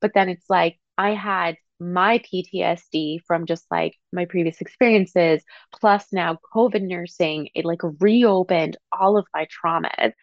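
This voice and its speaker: Chatty woman with a low-ish voice. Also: measured pace, few pauses, no echo, dull audio. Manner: chatty, peppered with "like" and swearing. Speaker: podcast host. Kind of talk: casual personal storytelling.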